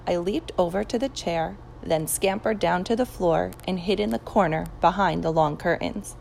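A woman narrating a children's audiobook chapter in an expressive storytelling manner. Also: lowish voice, moderate pace, gravelly, a little hiss or hum, low-quality recording.

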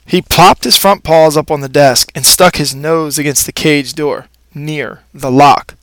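A man reading a children's storybook aloud in a playful, expressive first-person narration. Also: on the high side, a little slow, no room sound. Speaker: audiobook narrator.

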